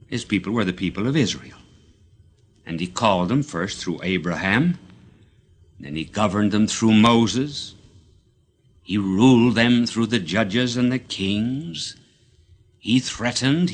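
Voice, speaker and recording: Male preacher, low and unhurried, dramatic swells and whispers. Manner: slow, dramatic delivery, swelling loud then dropping to a whisper. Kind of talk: sermon.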